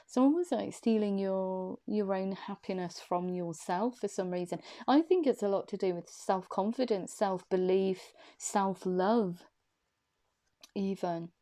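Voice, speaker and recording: Woman doing a chatty tarot reading indoors, warm mellow voice, drawn-out phrases. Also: mid-range voice. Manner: chatty, drawn-out, laughs easily. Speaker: tarot reader. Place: room indoors.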